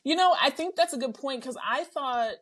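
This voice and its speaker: A woman co-hosting a podcast, chatting casually in a sassy, expressive way. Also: high-pitched, normal speed. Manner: expressive, sassy, acts out quotes. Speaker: podcast co-host.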